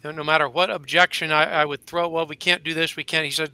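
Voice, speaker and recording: A man who is a judge, sharing a memory in a measured, thoughtful way. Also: a little high, flat delivery, sharp tone, smooth, no echo.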